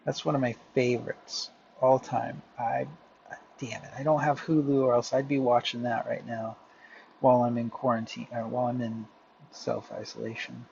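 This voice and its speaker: A man chatting casually to viewers while he draws, rambling and muttering softly to himself. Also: medium pitch, little pitch movement, normal speed, creaky, muffled recording, a little hiss or hum. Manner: rambling, self-talking, drifts into soft muttering. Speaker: drawing vlogger. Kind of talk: casual talk while drawing. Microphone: headphones with mic.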